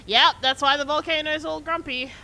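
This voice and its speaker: A woman chatting casually as a guest on a stream, animated and laughing often. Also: high-pitched. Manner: animated, laughing, quick to tease. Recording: faint background noise.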